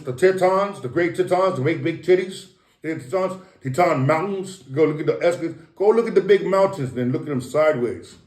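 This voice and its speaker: A man's voice: mid-range voice, darkish tone. A man of Samoan heritage, a guest talking in a casual, rambling monologue, profane and preachy, repeating and restarting his words. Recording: roomy echo.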